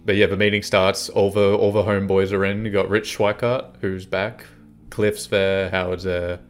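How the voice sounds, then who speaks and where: A man co-hosting a casual chat, recapping scenes in a relaxed, slangy way. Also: low voice, moderate pace, soft background music. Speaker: podcast co-host.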